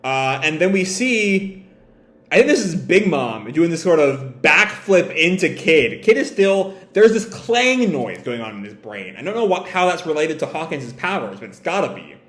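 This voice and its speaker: A man's voice: a little high, very animated, moderate pace, a bit bright. A man reads comics aloud in a casual, musing way, breaking off for his own asides. His voice rises and falls a lot. The room he is in echoes noticeably. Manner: musing, lots of fillers and asides. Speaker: manga reader. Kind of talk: casual read-aloud with commentary.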